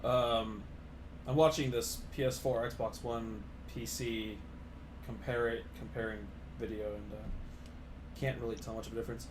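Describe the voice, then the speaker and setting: A young man hosting a casual gaming podcast, asking questions in a halting, hesitant way. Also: mid-range voice, level tone, noisy background. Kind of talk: casual chat.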